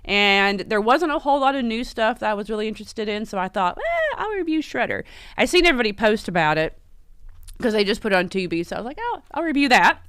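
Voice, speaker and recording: A woman hosting a casual live stream, chatty and rambling, full of fillers and quick self-corrections. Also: mid-range voice, fairly bright tone, clear, resonant tone, no echo, clean studio sound. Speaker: livestream host. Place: home in Las Vegas.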